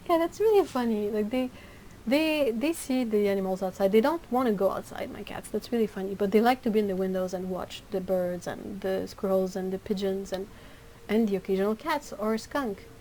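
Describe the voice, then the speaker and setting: Woman livestream host; chatty and easygoing, reacting to chat, warm mellow tone. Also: medium pitch, brisk, slight background noise, poor audio.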